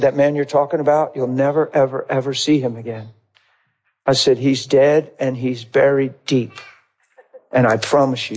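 Husky man telling a sermon story. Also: mid-range voice. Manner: animated storyteller acting out both sides of a conversation, laughing often. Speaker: pastor.

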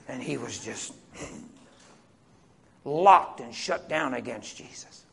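A man preaching a storytelling sermon, swinging from loud excited bursts to hushed tones and laughing as he talks. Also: mid-range voice, slow pace, vocal fry, slightly rough.

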